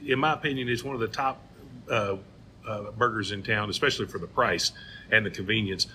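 Bright-voiced folksy man. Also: lowish voice, brisk, slight background noise. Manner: animated, folksy joke teller. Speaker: co-host. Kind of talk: casual chat.

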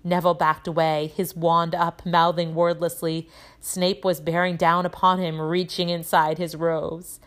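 A woman teacher reads a children's novel aloud at a measured pace, her voice on the low side. She tells the story in a lively way and gives the characters their own voices.

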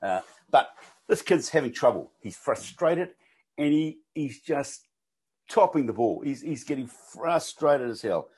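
An older man with a New Zealand accent speaks at medium pitch, expressive and unhurried, his voice a little mellow and slightly rough. As a guest, he chats casually and tells coaching stories, restarting often and swearing casually.

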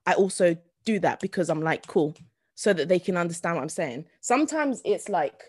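A woman in casual podcast chat, chatty and giggly with quick asides. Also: on the low side, very animated, darkish tone, slightly rough, dry recording.

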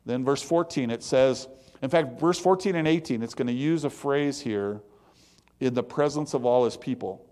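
A man's voice: medium pitch, moderate pace, dark tone. A man giving a conversational devotional sermon in a folksy, plain-spoken way, with self-mocking asides. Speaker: preacher.

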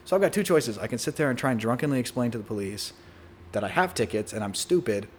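A young man talks fast and loose in a casual podcast chat, swearing freely and slipping into the voices of people in his story. His pitch stays mid-range, and faint background noise sits under the recording. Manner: animated, swears freely, acts out quoted voices. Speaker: podcast guest.

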